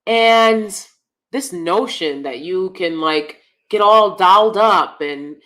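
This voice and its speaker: A host with a fairly low, fairly bright voice speaks slowly on a laid-back livestream as she reads out viewer comments. Emphatic and opinionated, she repeats points to stress them.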